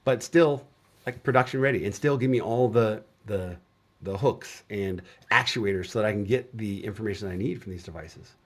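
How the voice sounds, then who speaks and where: Relaxed middle-aged man telling stories. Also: lowish voice, moderate pace. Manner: relaxed storytelling with frequent "uh" fillers. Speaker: guest software developer. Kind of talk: casual conversation on a video show.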